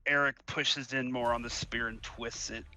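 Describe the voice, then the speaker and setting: A man's voice: medium pitch, steady tone, normal speed, sharp tone, rough recording. A man playing a tabletop game, speaking casually and laughing often with the group. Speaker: player.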